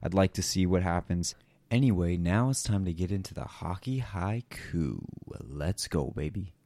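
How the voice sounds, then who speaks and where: A man with a low, dark voice hosts a casual podcast, joking and playful. He hypes each segment with easy enthusiasm. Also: animated, normal speed, no room sound. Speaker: podcast co-host. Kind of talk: casual chat.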